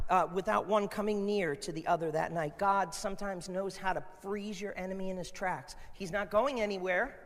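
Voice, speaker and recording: Pastor guy preaching hard, quiet one minute then shouting, big echoey church sound. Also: high-pitched. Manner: impassioned, swings from hushed to shouting. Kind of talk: sermon. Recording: long reverb of a large hall.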